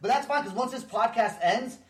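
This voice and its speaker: A man hosting a podcast interview, excitable and rambling, laughing often as he talks. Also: very high voice, a little fast. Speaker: podcast host. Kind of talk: casual interview chat. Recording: roomy echo.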